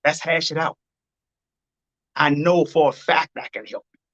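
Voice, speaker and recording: A man's voice: fairly high pitch, fairly even intonation, unhurried, fairly bright tone, dull audio. A man hosting a live-stream advice talk, blunt and preachy, hammering his points by repeating them. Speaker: dating advice host.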